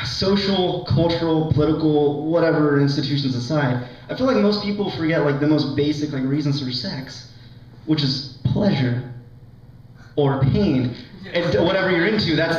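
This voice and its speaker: A young man doing a stand-up set, rambling with lots of likes and ums and poking fun at himself. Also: fairly high pitch. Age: young adult. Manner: rambling, full of likes and ums, self-mocking. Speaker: stand-up comedian. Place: college lounge with a laughing audience. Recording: echoey lounge, distant, dull lo-fi sound.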